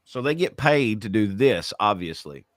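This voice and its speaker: A middle-aged man co-hosting a casual chat show, telling stories in an animated way and mimicking other people's voices. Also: lowish voice, normal speed, dry recording, clean studio sound. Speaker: podcast co-host.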